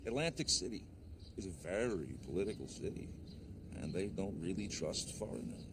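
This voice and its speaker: An actor playing a crude, boastful tycoon who talks over everyone, in a satirical comedy film. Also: male voice, low-pitched, expressive, moderate pace, background noise. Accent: New York. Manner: boastful, interrupts, bossy, rambling.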